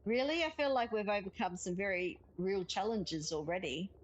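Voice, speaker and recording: A woman's voice: medium pitch, expressive, moderate pace, lo-fi sound. A woman chatting casually while playing a game, giggling often and reading game text aloud. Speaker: gaming streamer. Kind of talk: casual let's-play chat.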